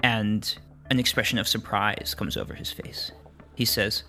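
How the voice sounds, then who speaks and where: A man narrating a tabletop game as game master, describing the scene in an unhurried storytelling manner. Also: on the low side, expressive, vocal fry, sharp tone, soft background music.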